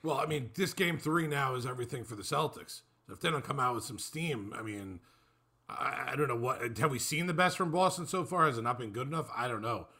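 A man co-hosting a sports talk radio show, giving steady, conversational game analysis. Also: medium pitch, a little fast, husky.

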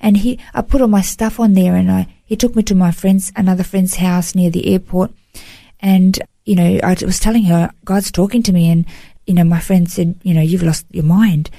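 Earnest woman, mellow voice. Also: fairly low pitch, steady tone, moderate pace, creaky, dry recording. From Australia. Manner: earnest, heartfelt, peppered with "you know". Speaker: guest sharing a personal testimony. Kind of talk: emotional first-person storytelling.

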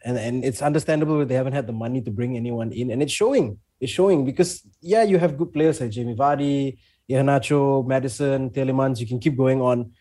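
A man's voice: medium pitch, fairly quick, dark tone. A man on a football panel show, giving frank, emphatic opinions on a struggling team. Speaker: football pundit.

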